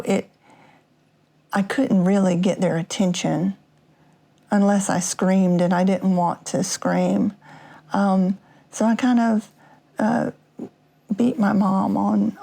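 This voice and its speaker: Female podcast host, slow and halting storyteller, dark gravelly tone. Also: medium pitch. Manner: halting, many restarts and fillers. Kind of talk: personal storytelling.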